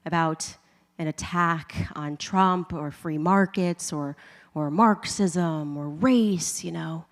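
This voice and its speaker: A woman speaks to a live crowd, telling a personal story in a chatty, humorous way and often laughing. Her voice sits on the low side. A long reverb trails each phrase, as in a large event hall. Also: slow. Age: adult with a husband and kids. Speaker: speaker giving a conversion testimony.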